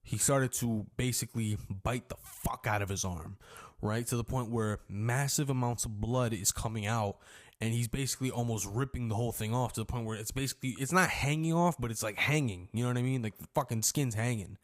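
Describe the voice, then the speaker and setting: A young man casually telling a story from his own life as a vlogger, rambling and slangy, swearing freely and acting out shouts when he quotes people. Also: medium pitch, brisk. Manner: acts out shouts and screams when quoting.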